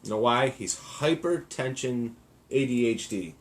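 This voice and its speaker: A man's voice: medium pitch, lively intonation, a little slow, slight background noise. A middle-aged man co-hosting a podcast, teasing his partner with crude jokes. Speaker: podcast co-host. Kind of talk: casual comedic banter.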